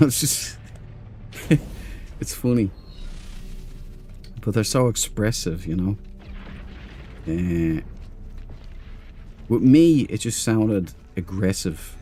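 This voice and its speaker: Irish guy gaming on stream, deepish warm voice, chatty and rambling. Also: slow pace, pauses often, soft background music. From Ireland. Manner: chatty and rambling, talks to chat and in-game crew. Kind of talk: casual commentary over gameplay.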